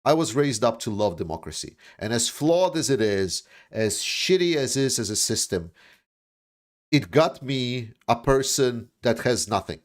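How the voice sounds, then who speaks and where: A man's voice: medium pitch, animated, a little slow. A man who grew up after the Soviet Union, hosting a political livestream with an emphatic, repetitive and profane delivery. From Eastern Europe, post-Soviet. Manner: emphatic, repetitive, swears when angry. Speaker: livestream host. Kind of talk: impassioned political livestream monologue.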